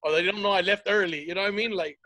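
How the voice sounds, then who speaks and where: A man's voice: sits high, fairly even intonation, very fast, sharp tone. A man hosting a comedy podcast, swearing freely and telling stories with acted-out voices in casual chat. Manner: profane storytelling, acts out quoted voices. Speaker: podcast host.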